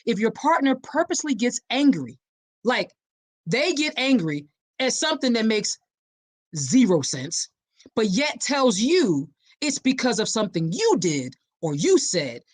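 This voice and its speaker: Animated, high-voiced woman podcast host. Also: no room sound. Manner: preachy, direct, addresses listeners as y'all; dramatic pauses and punchy emphasis. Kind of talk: emphatic awareness podcast monologue.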